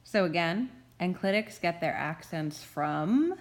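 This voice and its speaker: A woman's voice: deep voice, expressive, measured pace. A woman professor giving a recorded grammar tutorial, explaining each rule patiently and methodically and repeating key terms.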